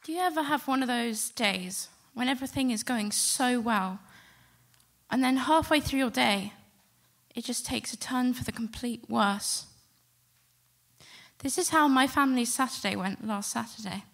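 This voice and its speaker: A woman with a fairly high, gravelly voice tells a lively story on stage before a live audience. She speaks at a normal speed and acts out the quotes in an animated retelling.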